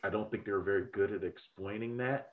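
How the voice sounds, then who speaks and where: A man's voice: lowish voice, fast talker. A man in casual review chat, rambling and profane as he gives strong opinions on films. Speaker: film critic podcast host. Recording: tinny phone-like line.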